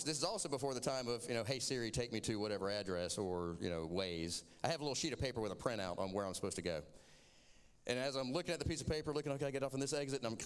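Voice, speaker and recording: A man's voice: mid-range voice, clean tone, long reverb tail. Southern man preaching through a story. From Florida. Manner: chatty, self-mocking storytelling. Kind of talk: sermon told as a personal story.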